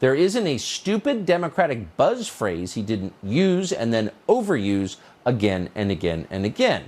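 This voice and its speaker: A man's voice: mid-range voice, huge pitch swings, moderate pace, few pauses, a little mellow. A male commentator delivering a scripted monologue in a sarcastic, mocking, emphatic manner. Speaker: political commentator.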